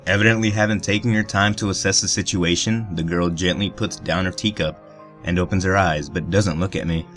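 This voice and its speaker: A man's voice: low voice, steady tone, fairly quick, a bit bright, soft background music. A man reading a visual novel aloud for a let's play, breaking off with crude, joking asides. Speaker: let's player.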